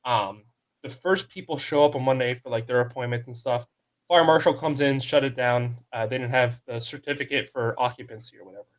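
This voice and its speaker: A man's voice: medium pitch, fairly quick. Young guy cohosting a sports pod, rambling story, acts out what people said. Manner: animated storyteller, quotes people in his story. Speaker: podcast co-host. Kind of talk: casual sports podcast storytelling.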